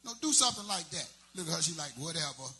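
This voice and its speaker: Male stand-up, loose slangy storyteller, high piercing tone. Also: animated, racing, bright, forceful tone. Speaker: stand-up comedian. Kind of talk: stand-up comedy set.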